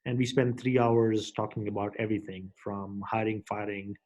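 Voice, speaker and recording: A man who co-founded a company, answering as a guest in a business interview, explaining quickly and often repeating words as he restarts. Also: on the low side, steady tone, a little mellow, rough recording. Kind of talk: interview conversation.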